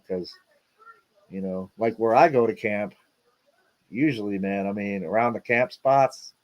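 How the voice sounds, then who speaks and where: A middle-aged man hosting a casual livestream, rambling and repeating himself with lots of fillers and a laid-back "man" here and there. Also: on the low side. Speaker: livestream host.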